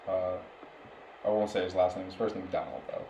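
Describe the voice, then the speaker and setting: A young man on a podcast, one of its co-hosts, rambles through a story in casual chat and laughs often along the way. His voice sits low and sounds warm, with a flat delivery at a fairly quick pace, and the recording has roomy echo and faint background noise.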